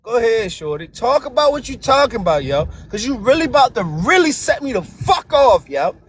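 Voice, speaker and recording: A man's voice: very high-pitched, very animated, fairly quick. A young man taunting his friends in a voice chat, brash and repetitive, peppering every line with "yo" and insults. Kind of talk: trash-talking banter.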